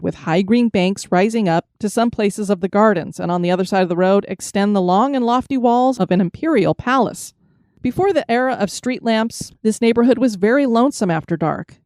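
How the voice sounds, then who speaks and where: A woman podcast host reading ghost stories in a measured, steady narration. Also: mid-range voice, no room sound, clean studio sound. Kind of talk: storytelling narration.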